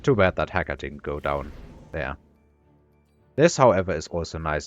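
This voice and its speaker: A man's voice: a bass voice, big pitch swings, normal speed, dull audio, faint music behind. A man giving rambling, self-deprecating commentary on his own strategy game match, full of fillers and restarts, talking with his mouth full. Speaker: gaming commentator. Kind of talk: casual gameplay commentary.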